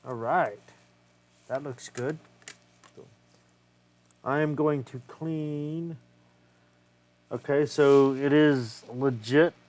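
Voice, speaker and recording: A man talks slowly and loosely while he works on an old game cartridge. He thinks out loud in a casual, unpolished way and swears freely. His voice sits at an ordinary middle pitch. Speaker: retro game collector. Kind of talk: casual hands-on repair vlog.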